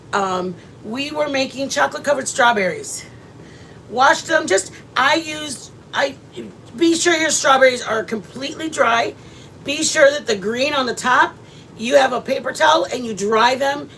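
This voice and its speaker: A woman's voice: on the high side, a bit bright, a little hiss or hum. A woman, chatting casually with her viewers as she hosts a cooking livestream, rambling from one thought to the next. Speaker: livestream host.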